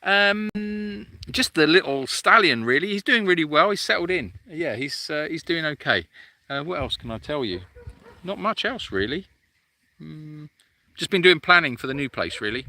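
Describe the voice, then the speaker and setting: Bright-voiced, chatty man. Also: fairly high pitch, expressive, normal speed, dry recording. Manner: chatty and teasing, reads out viewer comments, frequent ums. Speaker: animal sanctuary host. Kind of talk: casual live-stream chat Q&A.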